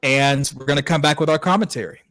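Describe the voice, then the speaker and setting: A man's voice: on the high side, fast, a bit bright, no room sound. A man co-hosting a podcast, giving laid-back, wry commentary on a clip with plenty of fillers. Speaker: podcast co-host. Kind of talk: casual commentary.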